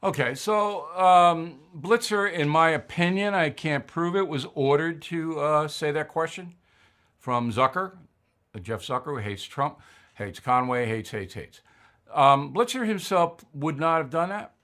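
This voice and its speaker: A man's voice: fairly high pitch, lively intonation, unhurried, a bit bright. An older man hosting a commentary show, blunt and opinionated, reading ads and giving his views with emphatic repetition.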